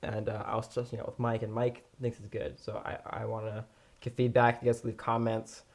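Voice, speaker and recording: A man's voice: on the low side, completely flat delivery, a little fast. A young man co-hosting a casual amateur podcast, rambling and laughing as he tells stories. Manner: rambling, laughing, loose storytelling. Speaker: podcast co-host. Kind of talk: casual chat.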